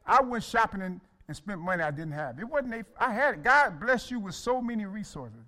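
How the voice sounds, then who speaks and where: A male pastor delivering a sermon with a high voice and a bright, forceful tone. He preaches in a folksy, colloquial way and leans on call-and-response, asking the congregation to repeat his words and speaking to listeners by name. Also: animated, fairly quick.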